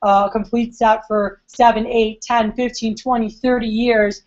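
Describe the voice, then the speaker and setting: A woman's voice: fairly high pitch, steady tone, moderate pace, few pauses, darkish tone. A young woman giving a chatty sales training talk at a meeting, telling stories and acting out what her customers said. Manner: chatty, acts out customer quotes. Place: meeting room. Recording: dull lo-fi recording.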